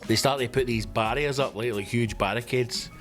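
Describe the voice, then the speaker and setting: A man's voice: mid-range voice, normal speed, faint music behind. A Scottish man hosting his own comedy podcast, telling stories in a sweary, ranting monologue. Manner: sweary, ranting, animated storytelling. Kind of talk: casual comic monologue.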